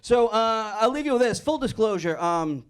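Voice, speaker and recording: A man's voice: high-pitched, lively intonation, moderate pace, smooth. Man telling a stand-up story. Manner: storytelling, acts out dialogue with shifting voices. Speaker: stand-up comedian. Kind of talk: stand-up comedy set. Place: comedy club stage.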